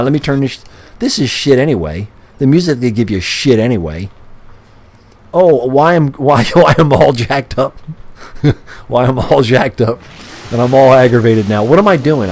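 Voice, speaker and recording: A man's voice: mid-range voice, a little mellow, a little hiss or hum, poor audio. A man live-streaming a racing game, rambling and ranting crudely to his chat with frequent swearing and chuckles. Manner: profane, ranting, chuckling often.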